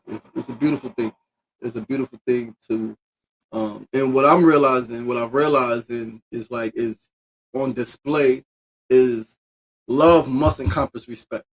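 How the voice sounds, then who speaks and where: A man hosting his own daily live show, opening with energetic greetings and moving into reflective talk about love and respect. He swears casually and repeats phrases. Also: mid-range voice, husky, poor audio. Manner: energetic hype greetings, then reflective preaching. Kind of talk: casual morning livestream talk.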